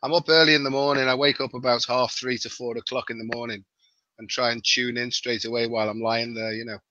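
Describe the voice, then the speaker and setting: A man's voice: mid-range voice, level tone, fast, pushed and bright, dry recording, highs cut off. A middle-aged man from near Liverpool with a Scouse accent, chatting casually as a guest and joking at his own expense. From the Wirral, near Liverpool, England. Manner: chatty, self-mocking, laughs easily. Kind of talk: casual live-stream chat.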